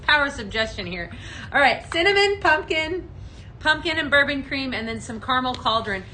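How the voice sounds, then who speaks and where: A woman's voice: sits high, expressive, moderate pace, pushed and bright, slight background noise, rough recording. A woman hosting a live home fragrance show on a studio set, chatting in an upbeat way while she demos products and reads out viewer comments. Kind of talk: live on-air product demo chat. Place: studio set under hot lights.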